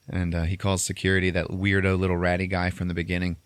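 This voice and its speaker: Low-voiced, foul-mouthed man recapping a movie. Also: level tone, a little fast, dry recording. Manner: profane, laughing storyteller. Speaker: podcast host. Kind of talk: crude comedic movie recap.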